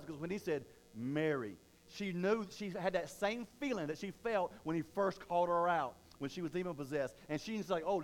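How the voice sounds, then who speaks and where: A man preaching an online sermon in an animated way, often repeating words and acting out the quoted lines. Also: high voice.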